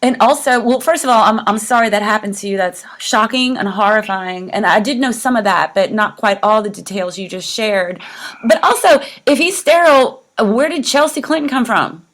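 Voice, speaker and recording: A woman's voice: a little high, moderate pace, a bit bright. A woman hosting an interview show, sympathetic toward her guest and asking probing questions. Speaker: podcast host. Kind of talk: conversational interview.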